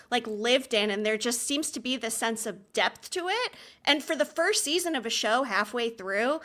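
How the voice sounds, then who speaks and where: A woman's voice: on the high side, pushed and bright. A woman in her forties co-hosting a casual TV recap chat, giving chatty, enthusiastic opinions. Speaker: podcast co-host.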